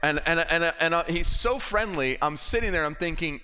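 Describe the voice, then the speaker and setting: A man preaching a sermon, telling a personal story in an animated way and acting out the voices of the people in it, with nervous stammers. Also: a little high, normal speed.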